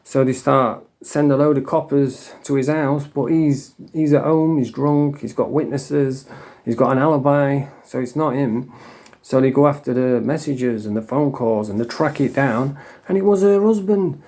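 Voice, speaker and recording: Sweary Northern English man with a dark voice. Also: medium pitch, normal speed. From England. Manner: rambling, sweary and emotional, with frequent "you know what I mean". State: coming off drugs. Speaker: vlogger. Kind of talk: casual storytelling monologue.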